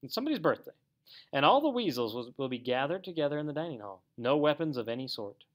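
A man playing a stern old storybook badger with a thin, dry voice. He speaks with severity and authority, his pitch still moving a lot. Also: big pitch swings, fast, lightly acted.

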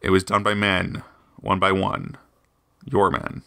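A man reads a wartime account aloud as a podcast host. He stumbles and restarts often. His voice is low and gravelly with a bright, forceful edge, and it sounds dry and close. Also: fairly even intonation, no echo. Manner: halting, with frequent restarts. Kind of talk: reading aloud.

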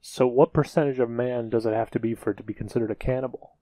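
A man's voice: mid-range voice, steady tone, dark tone, no echo, rough recording. Man riffing with joking questions. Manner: joking questions, drawn-out riffs. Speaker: podcast cohost. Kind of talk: casual comedic podcast chat.

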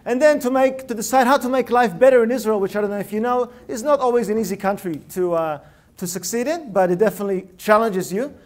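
A man giving a TED-style talk on a lecture hall stage, animated and firing rhetorical questions at the audience. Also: high voice, fast. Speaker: public speaker.

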